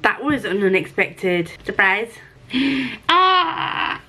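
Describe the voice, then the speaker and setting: Woman book vlogger, casual unboxing chat; excitable, gushing, swears freely, average pitch. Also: a little slow. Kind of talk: casual unboxing and reading vlog.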